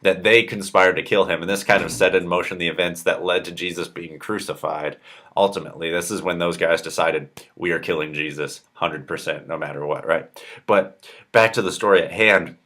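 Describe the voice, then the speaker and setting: Young guy youth pastor, deep voice, telling a bible story all loose and chatty, lots of like and right. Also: fairly even intonation, brisk, sharp tone. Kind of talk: casual Bible story retelling to kids.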